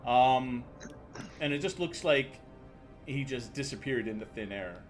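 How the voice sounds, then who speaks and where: A man narrating as dungeon master in a casual tabletop game, halting with fillers and often laughing. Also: medium pitch, lively intonation, soft background music.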